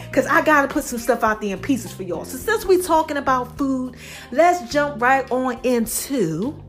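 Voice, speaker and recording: Playful high-voiced woman host, slightly breathless. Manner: playful, drawn-out sing-song delivery. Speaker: show host. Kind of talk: casual solo talk show monologue.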